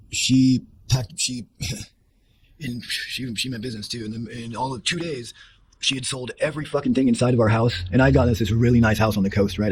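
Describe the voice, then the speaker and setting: A man's voice: mid-range voice, darkish tone, a little hiss or hum, poor audio. A man telling his life story in an interview, blunt and profane, rambling with fillers and restarted sentences. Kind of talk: candid personal storytelling.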